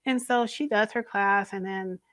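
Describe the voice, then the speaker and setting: A middle-aged woman, a podcast guest, telling a story in a lively, laughing way. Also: medium pitch, normal speed, dry recording. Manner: animated, laughing storyteller who acts out the voices of others. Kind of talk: casual storytelling in an interview.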